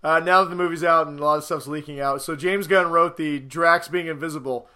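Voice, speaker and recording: A man co-hosting a podcast, chatting casually and excitedly about a movie, swearing and acting out scenes. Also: fairly high pitch, brisk, hardly any pauses, clear, resonant tone. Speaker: podcast co-host. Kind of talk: casual movie review chat.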